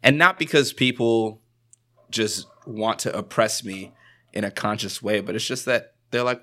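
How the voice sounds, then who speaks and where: Young man, from Jamaica, podcast guest, slangy, animated, bright lowish voice. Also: a little slow. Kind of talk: casual podcast conversation.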